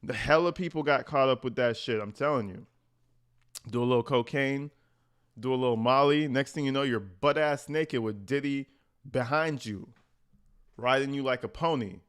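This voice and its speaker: Guy riffing on news clips, crude jokes, swears a lot, middle pitch. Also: moderate pace, fairly bright tone, clean tone. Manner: profane, jokey, acts out voices of others. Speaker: commentator reacting to news clips. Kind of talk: crude comedic reaction commentary.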